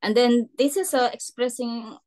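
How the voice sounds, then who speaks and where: Young woman, Indonesian accent, guest lecture, chatty, lots of "like", slightly high voice. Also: steady tone, moderate pace, darkish tone. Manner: chatty, many "like" fillers, acts out greetings in a high voice. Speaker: guest speaker.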